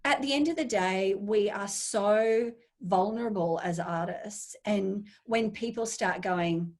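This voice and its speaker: A woman speaks slowly in a mid-range voice. She's a make-up artist from Australia, casually chatting as an interview guest and bringing her stories to life by acting out inner voices.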